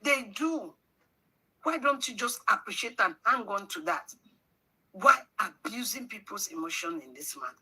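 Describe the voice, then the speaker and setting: A woman's voice: medium pitch, lively intonation, normal speed, sharp tone, husky, poor audio. A woman with a Nigerian accent hosting a livestream, scolding her audience with rhetorical questions and slipping into pidgin. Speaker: livestream host. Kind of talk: livestream commentary.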